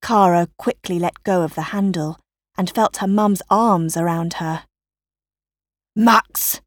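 A woman reading a children's story aloud in a slow, careful narrating voice. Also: fairly low pitch, steady tone, no echo, studio quality.

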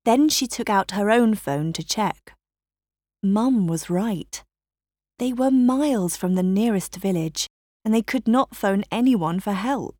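A woman reading a children's story aloud in a slow, careful narrating voice. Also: medium pitch, animated, dark tone, no room sound, clean studio sound.

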